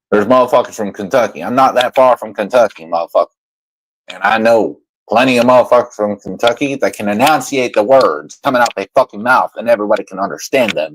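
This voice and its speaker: A man's voice: lowish voice, breathy edge, rough recording. A man ranting over clips as a commentary YouTuber, profane and mocking. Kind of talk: reaction commentary rant.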